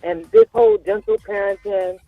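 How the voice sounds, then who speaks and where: A woman's voice: very high voice, sing-song, moderate pace, vocal fry, no echo, narrow, tinny audio, soft background music. A woman from Florida calling into a radio show, speaking emphatically and with indignation. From Duval County, Florida. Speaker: caller. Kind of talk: radio call-in.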